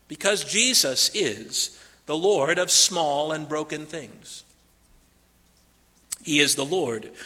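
Man, preacher, sermon, high voice, deliberate repeated phrases, long hall reverb. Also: pushed and bright.

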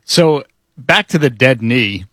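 A man's voice: mid-range voice, lively intonation, slow pace, a bit bright, no echo. A man hosting a morning radio show, telling stories in a chatty way during casual studio banter. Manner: chatty storytelling, laughs along.

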